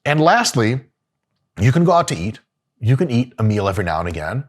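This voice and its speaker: A man's voice: medium pitch, sing-song, brisk. A middle-aged man hosting, giving profane, joking diet advice with bursts of mock outrage. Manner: brash, swearing, jokey, swings into mock outrage. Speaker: host. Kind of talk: profane comedic advice talk.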